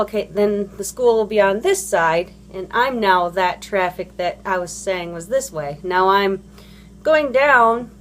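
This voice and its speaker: A woman's voice: mid-range voice, fairly bright tone. A woman and parent ranting about other drivers in a casual, rambling monologue, blunt and profane, full of fillers and restarts. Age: adult parent. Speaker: vlogger.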